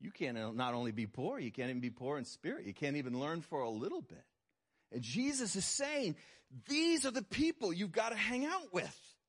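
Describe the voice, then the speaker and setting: Man preaching a lively, emphatic sermon. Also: normal speed, husky. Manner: animated preaching, jumps to high mocking voices for effect. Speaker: pastor.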